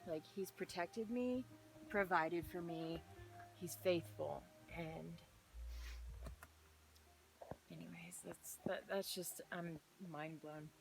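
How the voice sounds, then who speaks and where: A woman's voice: on the low side, slow, creaky, soft background music, low-quality recording. Earnest young woman vlogging outdoors. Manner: earnest, rambling, with many fillers and restarts; breaks into excited whispers and laughter. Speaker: faith vlogger. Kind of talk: casual devotional talk. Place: outdoors on a hilltop in the rain.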